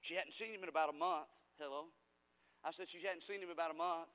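Guy preaching in church, fervent, goes from quiet to loud, bright voice, big hall echo. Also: on the high side, steady tone, fast talker. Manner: fervent, swings from quiet asides to loud cries. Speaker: pastor. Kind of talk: sermon. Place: church sanctuary. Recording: long hall reverb.

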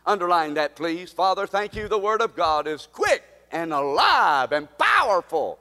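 A man preaching a sermon and leading a prayer, calling for amens and swinging between loud and soft. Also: a little high, expressive, a little fast, few pauses, big-room sound. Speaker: pastor. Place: church sanctuary.

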